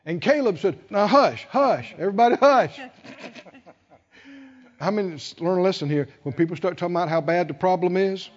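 A man preaching a sermon with emphasis, acting out quoted voices and building to loud peaks. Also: sits high, normal speed, long pauses. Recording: dull, reverberant hall sound.

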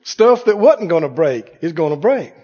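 A man preaching a sermon as pastor, emphatic, swinging from loud declarations to hushed asides. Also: a little high, sing-song, normal speed, slightly rough. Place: church sanctuary. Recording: dull echoing church hall.

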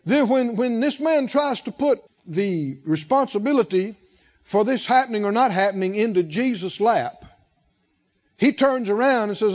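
Man, pastor, sermon, high voice, slow emphatic preaching, dull lo-fi recording. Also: animated. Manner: emphatic preaching, calls for congregation responses.

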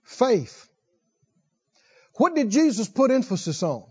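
Slow, high-voiced preacher man. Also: expressive, a little mellow, dull audio. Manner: slow, questions the congregation, rises in pitch when stressing points. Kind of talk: sermon with scripture reading.

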